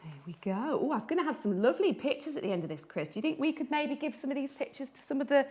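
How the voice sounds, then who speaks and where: A children's book illustrator leads a live drawing tutorial on a stream, chatty and playful and laughing often. Her high, slightly mellow voice is fast and very sing-song.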